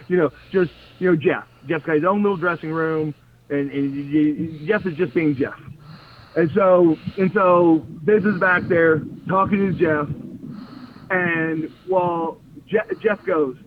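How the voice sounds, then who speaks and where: Animated man telling stories over a phone line. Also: fairly high pitch, unhurried. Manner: animated storyteller, acts out quotes, laughs often. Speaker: interview guest, former wrestler. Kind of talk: casual storytelling interview. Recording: phone-line audio with faint noise.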